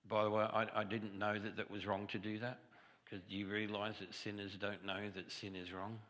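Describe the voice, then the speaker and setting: A man's voice: fairly low pitch, little pitch movement, moderate pace, fairly bright tone, big-room sound. A man giving a testimony sermon in a conversational storytelling way, with self-deprecating humor. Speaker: guest preacher. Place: church sanctuary.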